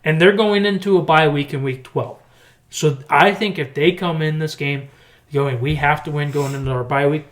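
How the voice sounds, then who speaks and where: A man co-hosting a casual football podcast, talking picks with emphatic energy. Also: a little high. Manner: excited, emphatic picks talk. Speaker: podcast co-host. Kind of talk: casual sports chat.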